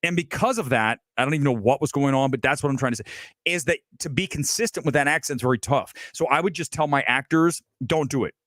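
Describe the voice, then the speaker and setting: A man's voice: medium pitch, quick pace, a bit bright, no echo, clean studio sound. A man hosting a film review livestream, talking bluntly and emphatically with self-assured opinions. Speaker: film critic host.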